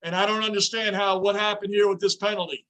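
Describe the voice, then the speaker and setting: A man hosting a livestream from his home basement, reacting to a hockey game and greeting viewers in chat, often yelling at the play. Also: high voice, quick pace. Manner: excitable, yells at the game. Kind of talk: live game reaction with chat shout-outs.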